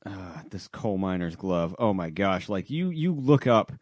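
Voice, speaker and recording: A man co-hosting a casual wrestling podcast, animated and loose, swearing and trailing off into asides. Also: low voice, measured pace, no echo. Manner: animated, swearing, jumps between loud and mumbled asides. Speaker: podcast co-host.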